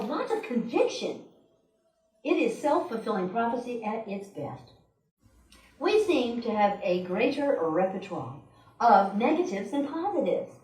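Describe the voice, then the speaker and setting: Lively woman preaching in an echoey church. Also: on the high side. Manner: animated, chatty, acts out quotes with a laugh. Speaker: speaker at a church service. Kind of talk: conversational sermon. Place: church sanctuary. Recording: roomy echo, mic at a distance.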